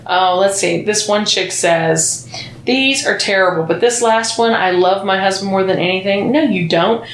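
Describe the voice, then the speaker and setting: A woman's voice: medium pitch, normal speed. A woman co-hosting a podcast, chatting casually and reading listener comments aloud, blunt and profane, laughing often. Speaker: podcast co-host. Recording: echoey room with faint noise.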